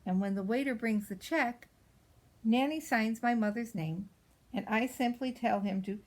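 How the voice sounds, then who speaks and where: A woman reads a storybook in character as a precocious, spoiled little girl, stressing words in a pert, drawn-out way. Her pitch is fairly high, and the audio is poor.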